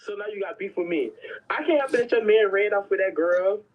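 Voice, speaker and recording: A woman with a mid-range voice tells prison stories fairly quickly, casual, sassy and dramatic, slipping into other people's voices as she goes. The recording has a dull, lo-fi sound.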